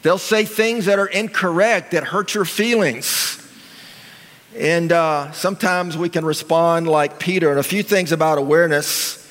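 A man's voice: a little high, unhurried, fairly bright tone. A male pastor preaching a sermon in a church, talking in a conversational way and asking his audience questions. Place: church sanctuary. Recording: long reverb of a large hall.

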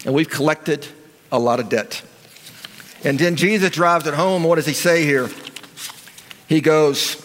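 The pastor's fairly high, slightly bright voice moves unhurriedly and expressively through his sermon. Standing at the front of the church sanctuary, he chats with the congregation in a relaxed way and keeps posing questions to them. The large hall lends a long, lingering reverb.

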